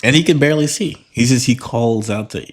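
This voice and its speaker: A man co-hosting a podcast, reading a Bible passage aloud in a measured way, then chatting about it with lively asides. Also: medium pitch, slightly rough. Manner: measured scripture reading, then animated chat. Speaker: podcast co-host. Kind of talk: Bible reading and casual discussion.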